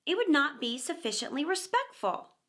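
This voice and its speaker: Woman doing a bossy boy captain, raised bright voice, brisk commands, storybook. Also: sits high, sing-song, voice pushed up. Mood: commanding. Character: boy leader, bossy and eager.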